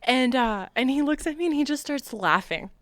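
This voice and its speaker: A woman from Long Island, a podcast guest, telling her story in a lively way, laughing often and acting out dialogue. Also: sits high, normal speed, no room sound. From Long Island, United States. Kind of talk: casual storytelling interview.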